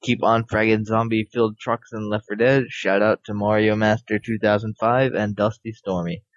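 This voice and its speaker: A man's voice: lowish voice, little pitch movement, normal speed, dry recording, muffled recording. A young man co-hosting a gaming podcast, reading listener mail with a hesitant, stumbling delivery. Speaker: podcast co-host. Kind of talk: casual chat, reading listener emails.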